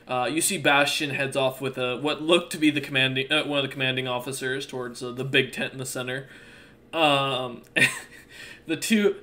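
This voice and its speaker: Casual, bright-voiced male game master. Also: mid-range voice. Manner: loose and casual, many fillers. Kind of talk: narrating a tabletop game.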